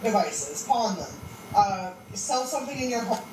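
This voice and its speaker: A woman's voice: mid-range voice, expressive, normal speed, a little mellow. A woman lecturing and scolding someone in a video being played back. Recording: roomy, distant, noisy playback.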